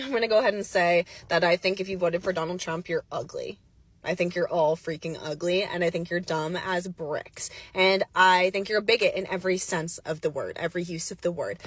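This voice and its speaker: Husky woman with a mocking rant. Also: fairly low pitch, no echo. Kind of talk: social media rant.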